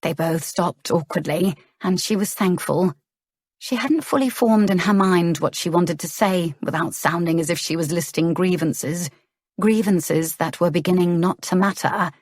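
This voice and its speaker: Woman narrator, low voice, measured gentle storytelling, dry studio sound. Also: breathy edge, no echo. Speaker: audiobook narrator. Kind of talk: scripted romance narration.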